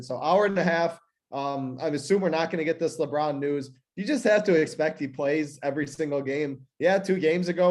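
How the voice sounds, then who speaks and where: A man's voice: fairly high pitch, darkish tone. Matter-of-fact male fantasy sports analyst.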